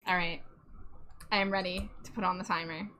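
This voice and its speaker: A woman's voice: fairly low pitch, steady tone, fairly quick, bright, forceful tone, a little hiss or hum. Woman artist streaming, chatty, mutters to herself while drawing, laughs a lot. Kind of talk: casual livestream chat while drawing.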